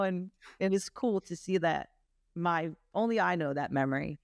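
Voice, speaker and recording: A woman guest on a podcast, telling stories candidly and with animated energy. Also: fairly low pitch, fairly quick, clear, resonant tone, dry recording, studio quality. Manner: lively, candid, animated storytelling, laughs. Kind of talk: casual interview chat.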